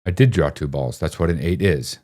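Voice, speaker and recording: A man's voice: a bass voice, a little fast, warm tone. A man hosting a live stream, telling a rambling, profane childhood story to his chat, laughing often and mocking himself.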